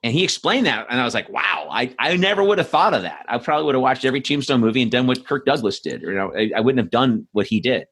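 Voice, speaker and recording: A man's voice: medium pitch, lively intonation, fast, hardly any pauses, fairly bright tone, slightly rough. A man hosting a podcast, chatting casually and telling stories in a rambling way with many fillers and restarts. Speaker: podcast host, answering questions. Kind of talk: casual chat, storytelling.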